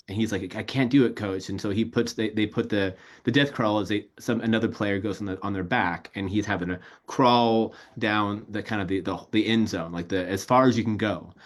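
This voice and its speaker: A man hosting an interview, who talks in a loose, rambling way with lots of restarts. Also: lowish voice. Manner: rambling, filler-heavy, many restarts. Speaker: podcast host. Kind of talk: casual interview chat.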